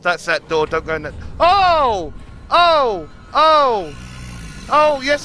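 A man's voice: very high voice, sing-song, slow pace, pushed and bright, a little hiss or hum. A young man streaming a horror game live, swearing constantly and yelping at every scare. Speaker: gaming streamer.

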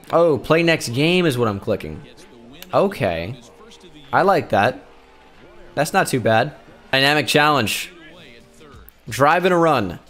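A young man narrates his own baseball video game like a broadcaster, dry and sarcastic about every line out. His pitch sits right in the middle, with faint game music under his desk-mic voice. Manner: sarcastic play-by-play, shouting in bursts of excitement. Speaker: gaming YouTuber. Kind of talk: gameplay commentary.

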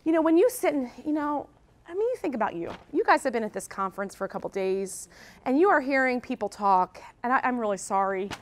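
High-pitched woman, lively conference workshop speaker. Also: fast talker. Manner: energetic, chatty, says "okay?" often. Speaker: workshop presenter. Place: conference room.

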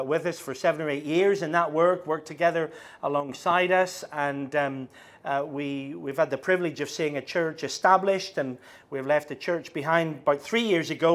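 Northern irish preacher guy, middle-aged, slightly high voice, slow and halting with lots of ums. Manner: slows down, halting with fillers. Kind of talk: sermon.

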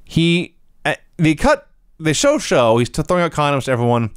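A man co-hosts a podcast, running down match results from his notes in a matter-of-fact way. His voice is a touch high and swings widely in pitch, recorded dry and close. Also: huge pitch swings, moderate pace, smooth, no echo. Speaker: podcast co-host. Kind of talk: casual wrestling recap chat.

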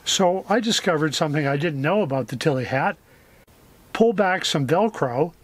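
A man's voice: fairly high pitch, lively intonation, normal speed. A man narrating a casual how-to vlog in a friendly, chatty way. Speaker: vlogger.

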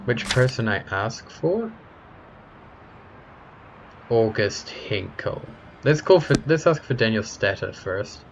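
A man's voice: mid-range voice, lively intonation, takes it slowly, pauses often, dull audio, noisy background. A man casually commenting on a video game as he plays, reacting and thinking aloud. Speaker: gamer. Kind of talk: let's play commentary. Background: game music.

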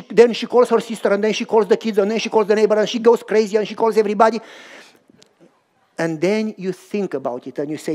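A man's voice: sits high, fast talker. A man preaching a sermon to a live audience, telling a story and acting out both sides of a dialogue while questioning his listeners directly. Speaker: pastor.

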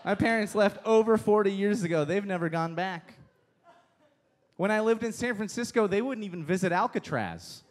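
A man doing a stand-up set on a theater stage, animated and mocking, talking about his family from Cuba. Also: normal speed. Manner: animated, switches to shrill mocking voices for quoted people. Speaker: stand-up comedian. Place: theater stage before a live audience.

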